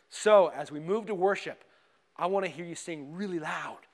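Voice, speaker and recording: Male pastor, high voice, lively sermon delivery with scripture readings. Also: unhurried. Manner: animated, laughing often, reading scripture aloud. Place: church.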